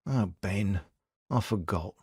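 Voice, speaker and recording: A man's voice: very animated, moderate pace, no room sound, clean studio sound. Man voicing a fretful young lad. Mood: distressed. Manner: high, strained and upset. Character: anxious young male street-born detective.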